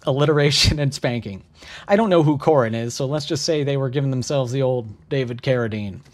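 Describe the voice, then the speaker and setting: A man in his thirties telling a crude comedic story in a deadpan voice, tossing in sarcastic asides. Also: medium pitch, a little fast. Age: 30s. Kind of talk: comedic narrated monologue.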